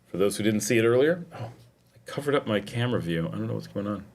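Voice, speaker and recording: A man's voice: on the low side, expressive, fast talker, darkish tone. A middle-aged man hosting a casual livestream, chatting and reading viewer comments aloud. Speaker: livestream host. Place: home in Nicaragua.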